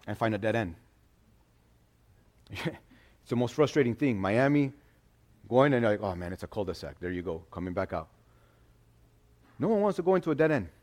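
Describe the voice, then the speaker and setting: A man preaching a sermon in a conversational, animated way, acting out quotes as he goes. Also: mid-range voice. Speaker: pastor.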